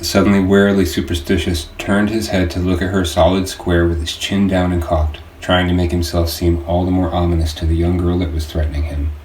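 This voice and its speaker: A man reading his own audiobook in a slow, measured way. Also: deep voice, darkish tone. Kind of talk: audiobook narration. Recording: echoey room, distant mic, faint noise.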